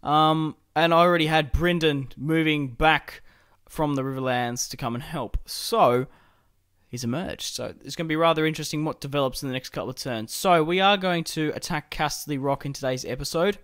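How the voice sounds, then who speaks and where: With a smooth, slightly bright voice on the high side and a normal pace, a young man hosts a let's-play of a strategy game. His talk is loose and chatty, full of swearing and laughter while he plays.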